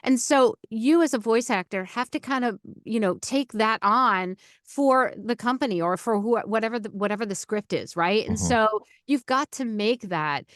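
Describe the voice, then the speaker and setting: A middle-aged woman, a voice actor and coach, talking as an interview guest in an energetic, chatty way with many restarts and fillers. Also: a little high, normal speed, few pauses, dry recording, studio quality. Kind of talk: casual interview talk.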